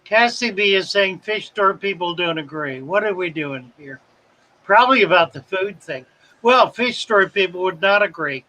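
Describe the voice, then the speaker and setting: A man's voice: high-pitched, animated, normal speed, sharp tone, low-quality recording. A man from South Carolina, hosting a live fish-keeping stream and chatting as he reads out viewer comments. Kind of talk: casual live-stream chat reading comments.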